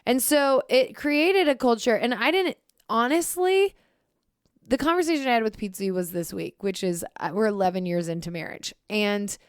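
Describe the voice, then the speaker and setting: A woman's voice: fairly high pitch, normal speed, clear, resonant tone, no echo, studio quality. A woman co-hosting a podcast, sharing a reflective, candid personal story in casual conversation. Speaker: podcast co-host.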